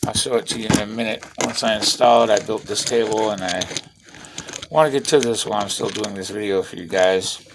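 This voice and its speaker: A man's voice: fairly low pitch, fairly even intonation, brisk, background noise. A middle-aged man, rambling bluntly and profanely in a casual vlog while working with tools. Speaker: vlogger.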